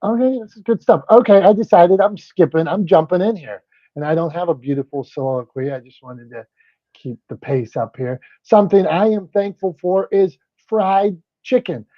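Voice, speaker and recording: A man's voice: high-pitched, dry recording. A man co-hosting a casual group chat, upbeat and playful, keeping things moving. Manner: upbeat, playful, quick to move on. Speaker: co-host. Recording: dry, slightly dull sound.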